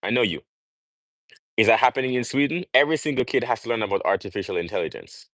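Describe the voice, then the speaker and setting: A man's voice: medium pitch, lively intonation, fast, fairly bright tone, no echo, poor audio. A young man from Jamaica talking on a livestream, preaching in an emphatic way and firing off rhetorical questions. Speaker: livestream host. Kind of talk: casual livestream monologue.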